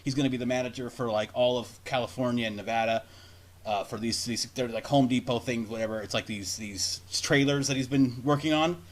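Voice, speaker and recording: A man's voice: medium pitch, fairly even intonation, brisk. A man co-hosting a casual chat, telling a rambling story full of swearing and acted-out quotes. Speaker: podcast co-host.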